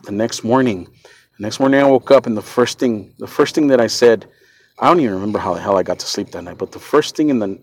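A man hosting a podcast, telling a first-person story in an earnest, shaken way, often repeating and restarting his words. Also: lowish voice. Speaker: podcast host.

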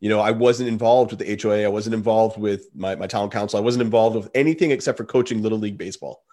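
A man's voice: on the low side, fairly even intonation, quick pace, warm tone. A man hosting a podcast, telling stories in a loose, rambling way full of fillers. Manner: rambling storytelling with many fillers. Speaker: podcast host. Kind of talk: casual interview talk.

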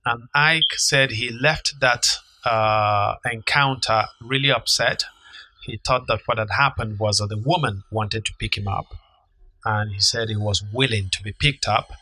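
Bright-voiced man telling a story. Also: lowish voice, a little slow, poor audio. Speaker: podcast co-host, author. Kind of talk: casual storytelling chat.

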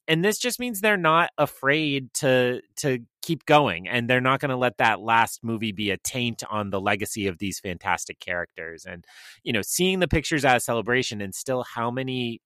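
Bright-voiced enthusiastic male podcast co-host. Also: mid-range voice, no echo, studio quality. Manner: enthusiastic, chatty. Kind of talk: casual chat.

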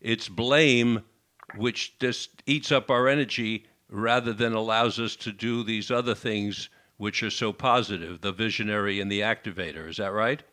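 Low-pitched male radio host, bright tone, sums up the guest's points. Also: fairly even intonation, normal speed. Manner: summarizes and checks back with the guest. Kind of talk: radio interview.

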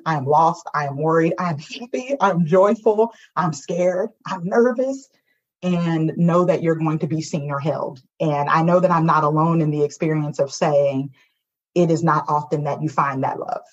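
A woman's voice: deep voice, moderate pace, muffled recording. A woman guest on a podcast, a poet and singer, speaking emotionally and expressively and turning to address listeners. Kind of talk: heartfelt conversation.

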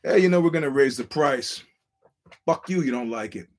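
A man's voice: medium pitch, expressive, moderate pace, lightly acted. A man voicing an arrogant, swaggering male sports promoter who taunts and swears. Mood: sneering. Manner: sneering, taunting, profane.

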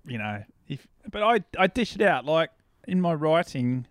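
A man's voice: a little high, big pitch swings, moderate pace, dry recording, studio quality. Rambling, laughing male surf writer. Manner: rambling, laughing, self-deprecating. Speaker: surf writer and podcast guest. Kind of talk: casual interview chat.

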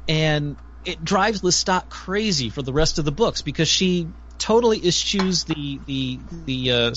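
A man on a casual podcast panel, enthusiastic and halting, with many fillers. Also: fairly high pitch, a bit bright, muffled recording, slight background noise. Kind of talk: casual chat.

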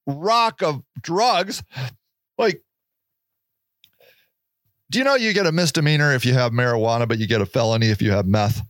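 A man's voice: fairly bright tone, dry recording, clean studio sound. A man hosting a podcast in a casual, rambling monologue, joking and swearing as he goes. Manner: rambling, profane, jokey, with sudden pitch jumps. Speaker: podcast host.

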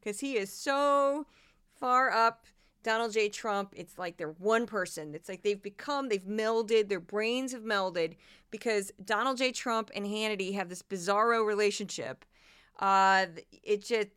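A woman's voice: mid-range voice, fairly bright tone, smooth, dry recording, studio quality. A woman in her forties hosting a podcast, giving casual, sarcastic and exasperated commentary on news clips. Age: 40s. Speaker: podcast host.

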